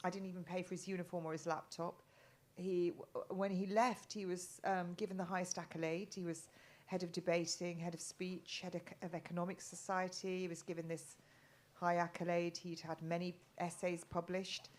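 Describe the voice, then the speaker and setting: A woman's voice: fairly low pitch, little pitch movement, normal speed, darkish tone. A middle-aged woman from England talking as a guest in a casual live chat, rambling with many restarts and ums.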